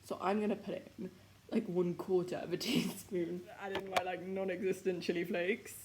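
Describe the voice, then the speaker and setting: A woman's voice: on the low side, flat delivery, normal speed, noisy background. A young British woman chatting casually while she cooks, rambling and giggling as she goes. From Britain. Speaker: vlogger. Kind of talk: casual cooking vlog chat. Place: home kitchen.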